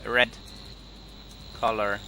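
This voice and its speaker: A man gives a one-on-one lesson over a call, his voice very bright and sharp. He is patient and repeats the key words so the student catches them. A faint hiss sits behind the voice. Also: fairly low pitch, flat delivery, very slow, low-quality recording. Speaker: English teacher. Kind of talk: online one-on-one English lesson.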